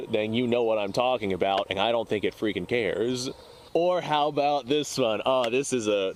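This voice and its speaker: A man talking casually to camera as the host of a firearms channel, rambling and exasperated, with frequent chuckles. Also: on the low side. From United States.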